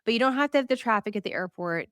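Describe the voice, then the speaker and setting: A woman's voice: fairly high pitch, rapid-fire, no echo, studio quality. Chatty woman hosting a news show. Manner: chatty and animated, laughs and asks viewers questions. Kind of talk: casual news commentary to a live audience.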